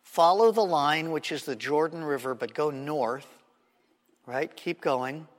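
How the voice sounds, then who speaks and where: A man leads a Bible class in an easy, conversational way, often checking that his listeners are following along. His voice sits a bit higher than most men's. It carries a long reverb from a large hall. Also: unhurried. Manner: checks in with the class, frequent "right?". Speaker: Bible teacher.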